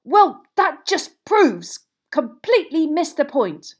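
A woman voicing a flustered teenage boy who splutters and yells back in an argument. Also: high-pitched, sing-song, takes it slowly, voice pushed up, exaggerated voice. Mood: spluttering angry. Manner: spluttering, yelling.

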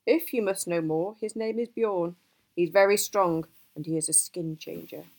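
A woman's voice: on the low side, normal speed, a little mellow, close to an everyday voice. Gandalf, a woman reading as an old cranky wizard. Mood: cross. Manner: emphatic, exasperated outbursts. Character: old male wizard, gruff and easily cross.

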